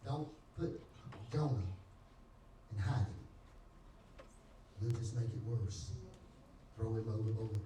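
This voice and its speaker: A man's voice: fairly low pitch, slow, pauses often, background noise. A man with a North Carolina Southern accent, a pastor giving his testimony in folksy storytelling style, acting out the dialogue. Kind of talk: testimony preached to a congregation. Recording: echoey church hall, distant mic.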